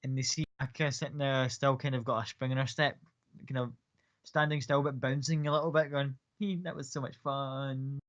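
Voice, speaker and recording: A man's voice: mid-range voice, flat delivery, brisk, fairly bright tone. A man narrating as game master of a tabletop game, describing scenes in a loose, rambling way with many fillers. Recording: dull lo-fi audio.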